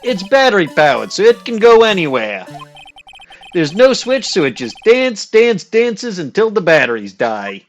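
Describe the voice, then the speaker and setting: A man voicing a gruff, loud middle-aged male detective in a put-on tough-guy accent, read from a video game. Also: sits high, huge pitch swings, slow, lo-fi sound, faint music behind, pitched above the performer's own voice, exaggerated voice. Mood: proud. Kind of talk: game dialogue read aloud.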